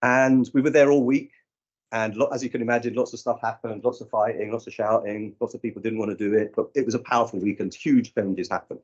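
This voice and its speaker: A man from the UK gives a conference talk as a youth work trainer, telling animated stories and acting out the dialogue. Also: medium pitch, quick pace. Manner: animated storyteller who acts out dialogue. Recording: dull lo-fi recording.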